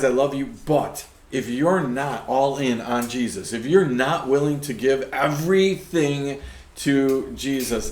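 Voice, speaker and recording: Preachy male podcast host, roomy echo. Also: medium pitch. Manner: preachy, peppers talk with "right?". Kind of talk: faith discussion podcast.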